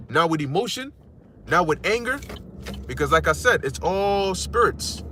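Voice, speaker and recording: A man's voice: sits high, sharp tone, slight background noise. A man teaching scripture in a casual, slangy and blunt way, often checking in with his listeners. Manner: slangy, streetwise, blunt with occasional cursing. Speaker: preacher.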